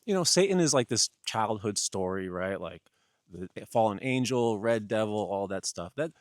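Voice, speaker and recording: A man's voice: lowish voice, lively intonation, normal speed, dry recording, studio quality. A man giving an earnest spiritual teaching, stressing points through repeated lists. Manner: earnest, repetitive, emphatic listing.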